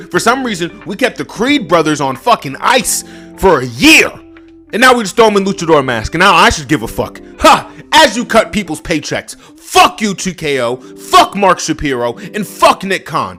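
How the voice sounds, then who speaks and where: A high, bright-voiced man tears into a wrestling show, swearing and sarcastic, his pitch leaping around as he shifts between shouted outbursts and weary mutters. He stammers and restarts his sentences as he goes. Faint music plays underneath. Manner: animated swings from loud to muttering. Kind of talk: profane ranting review.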